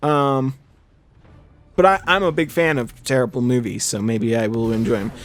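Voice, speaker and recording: A man's voice: medium pitch, fairly even intonation, moderate pace. A young man chatting casually over a game he is playing, rambling with many fillers and restarts. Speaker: gaming channel host. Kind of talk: casual let's-play commentary.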